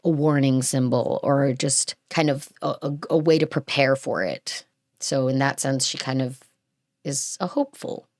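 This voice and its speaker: With a low, darkish voice, a woman hosting a podcast reads from a script and interrupts herself with effusive, chatty asides full of fillers. The audio is clean studio sound without echo.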